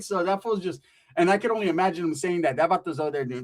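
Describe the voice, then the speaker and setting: A man's voice: fairly high pitch, racing. Swaggering profane storytelling man. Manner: swaggering, slangy, swears constantly. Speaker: stand-up comedian.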